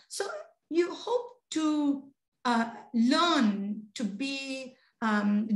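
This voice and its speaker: A woman's voice: on the high side, roomy sound, rough recording. A woman lecturing on literature, chatty and conversational with many fillers.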